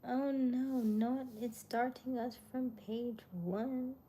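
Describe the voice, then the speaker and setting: A sleepy young woman host chatting with her viewers on a livestream, mostly in a soft whisper. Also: fairly high pitch, fairly even intonation, slow pace. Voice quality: whispered voice to preserve it. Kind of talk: casual live chat.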